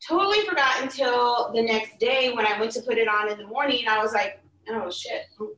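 Animated woman telling a story, echoey room. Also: fairly high pitch, fairly quick, slight background noise. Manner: animated, acts out quoted voices, laughs through tears. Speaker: podcast guest telling a story. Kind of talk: casual storytelling chat. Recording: echoey room, mic at a distance.

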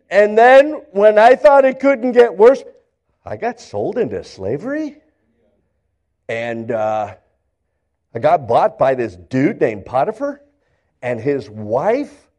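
A man's voice: high-pitched, darkish tone, heavily acted. A man voicing the young Joseph, telling his run of troubles as an eager testimony. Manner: breathless, eager storytelling.

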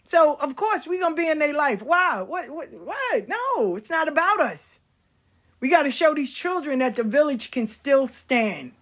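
A middle-aged woman telling stories about her life in a casual, blunt and animated way, swearing freely. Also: high voice, a little slow. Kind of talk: casual storytelling.

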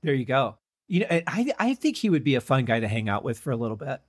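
A man hosting a podcast interview, teasing his guest with deadpan jokes. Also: medium pitch, fast, no echo, studio quality. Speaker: podcast host.

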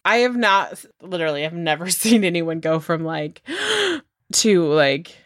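A woman's voice: fairly low pitch, normal speed, no room sound, studio quality. A woman co-hosting a podcast, chatting casually about a true-crime case, swearing freely and acting out mocking quotes. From grew up on a farm. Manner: swearing, animated retelling with mocking quoted voices. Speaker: podcast co-host.

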